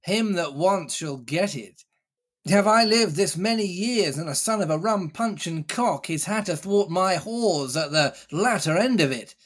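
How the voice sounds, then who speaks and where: A gruff, one-legged old pirate cook who drags out his threats and bristles with menace, voiced by a man. His voice is husky and breathy, and it sits a little high. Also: expressive, a bit bright, heavily acted. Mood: menacing. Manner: menacing, blustering, drawn-out threats.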